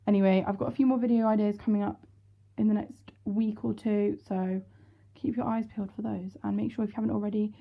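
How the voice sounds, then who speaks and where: Woman rambling over her horse vlog, gravelly voice, kinda dull lo-fi sound. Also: medium pitch, steady tone, fast. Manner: chatty, rambling, self-deprecating. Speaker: horse vlogger. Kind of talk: casual voice-over narration. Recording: dull lo-fi sound with faint noise.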